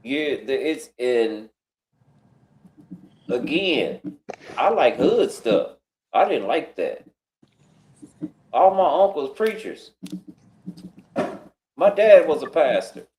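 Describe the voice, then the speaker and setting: A man's voice: medium pitch, very animated, slow pace, long pauses, darkish tone, a little hiss or hum. A man telling a long story in casual talk, acting out what other people said in changed voices. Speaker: guest on a live talk stream. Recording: roomy echo.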